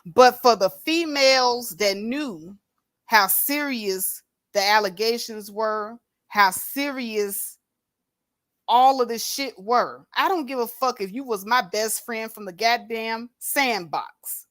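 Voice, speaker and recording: An adult woman with a grown daughter hosts a livestream, giving unscripted commentary that is blunt, confrontational and full of profanity. Her voice is fairly high and fairly bright, and she talks slowly into a plug-in microphone. The studio sound is clean, with no echo.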